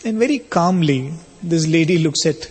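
A man giving a spiritual talk, telling a story in a measured, explanatory way. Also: on the high side, animated, darkish tone, breathy edge, soft background music. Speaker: spiritual speaker. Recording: long reverb of a hall.

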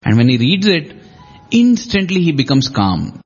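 A man's voice: on the high side, very animated, moderate pace, husky, dull audio, faint music behind. A man in a devotional discussion, retelling scenes reflectively and acting out quoted lines with shifting emphasis.

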